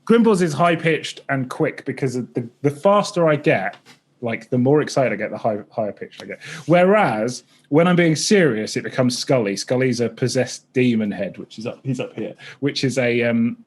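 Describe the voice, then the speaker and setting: Excitable husky guest in his thirties, lively pitch, rambling anecdotes. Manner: excitable, rambling, oversharing, quick tangents. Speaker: podcast guest, streamer and former stand-up comic. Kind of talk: casual interview chat.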